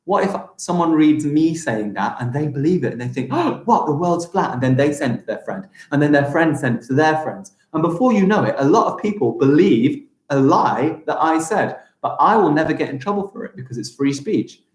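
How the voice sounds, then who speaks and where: A young man teaching a live online lesson to young children, with animated and exaggerated pronunciation. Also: fairly high pitch, fairly quick, few pauses, echoey room. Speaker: primary school teacher.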